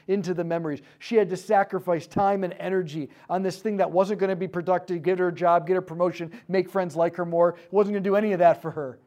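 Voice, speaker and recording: A man teaching a group, telling a story about inner-healing prayer and dropping to hushed tones for quoted prayers. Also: fairly high pitch. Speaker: speaker leading a prayer ministry session.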